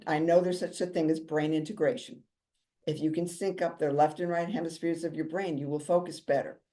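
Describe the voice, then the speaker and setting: Speaking in a lowish, soothing voice, this woman gives a motivational talk as a drum therapist and speaker. She keeps things calm yet chatty, slipping in jokes.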